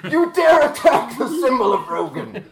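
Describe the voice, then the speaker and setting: A player puts on a haughty male warrior with a lifted, theatrical voice. He speaks slowly and grandly, as if far above the people in his way. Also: mid-range voice, expressive, vocal fry, reverberant, background noise, voice pushed up. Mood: indignant. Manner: pompous, theatrical.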